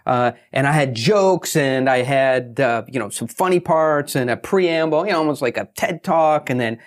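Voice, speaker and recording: A man who is a guest on an interview show, telling lively stories and acting out what others said. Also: mid-range voice, moderate pace. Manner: animated, acts out quotes. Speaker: guest, pitching author. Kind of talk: storytelling interview talk.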